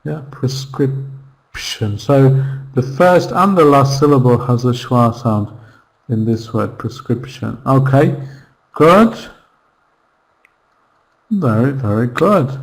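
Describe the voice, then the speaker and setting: A man teaching an online English lesson, slowly repeating words and pronunciations for his students. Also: medium pitch, lively intonation, low-quality recording.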